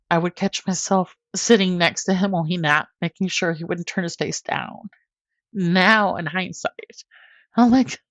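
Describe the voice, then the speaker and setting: Podcast guest, woman, lower register, candid and emotional storyteller, dry sound. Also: fairly bright tone, no echo. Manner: emotional, candid, often laughing at herself.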